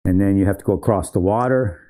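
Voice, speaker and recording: With a deep, dark voice and a quick pace, a man spins casual stories about his army training days. He rambles, laughs often, and corrects himself along the way.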